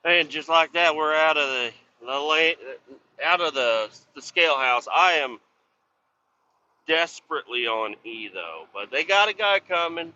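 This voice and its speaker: A man talking while driving his truck, cursing and ranting at other drivers on the highway. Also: lively intonation, measured pace, bright, forceful tone, lo-fi sound, slight background noise. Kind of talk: casual driving vlog. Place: inside a truck cab on the highway.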